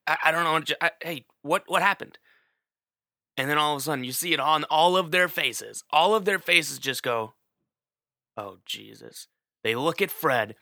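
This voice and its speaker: Bright-voiced man telling a casual story. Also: a little high, no echo, clean studio sound. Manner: chatty, addresses the listener directly, many fillers.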